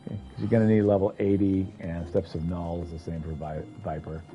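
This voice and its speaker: A man's voice: low-pitched, little pitch movement, fairly quick, muffled recording, faint music behind. A man streaming a video game, chatting casually and thinking aloud as he rambles through it. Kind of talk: casual gameplay commentary.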